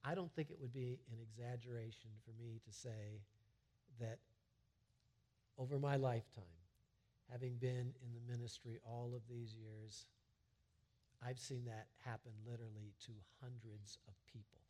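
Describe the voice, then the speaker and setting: A middle-aged man preaching a sermon in a church sanctuary, talking in a conversational, animated way with frequent restarts. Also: mid-range voice, moderate pace. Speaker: pastor.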